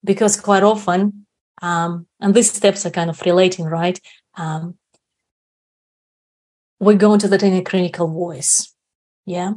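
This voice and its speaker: A woman's voice: fairly low pitch, fairly even intonation, a little slow, long pauses, darkish tone. A woman guest on a podcast, reflectively explaining a self-help practice and often checking in with 'right?'. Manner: reflective, often adds 'right?' tag questions.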